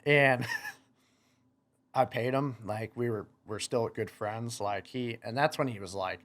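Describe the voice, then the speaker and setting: A man's voice: mid-range voice, wildly swooping pitch, takes it slowly, fairly bright tone. A young man in his twenties, a motocross racer, telling a story in a casual podcast chat, rambling with lots of "like" fillers and quoting himself. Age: 20s.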